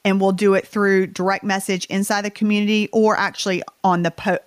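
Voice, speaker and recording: A chatty woman with a Southern accent, co-hosting a beauty podcast. Her voice is mid-pitched and dry, close to the mic. She talks in an easygoing, conversational way. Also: brisk, no room sound. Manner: chatty, animated, a little bitter. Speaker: podcast co-host. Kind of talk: casual chat.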